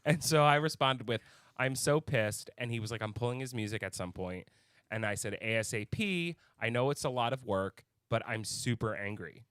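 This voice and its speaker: A man's voice: medium pitch, lively intonation, moderate pace, fairly bright tone, smooth, dry recording. A man co-hosting a casual podcast, his mid-range voice recorded dry and close. He talks with heated anger, swearing often. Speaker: podcast co-host. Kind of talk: casual chat.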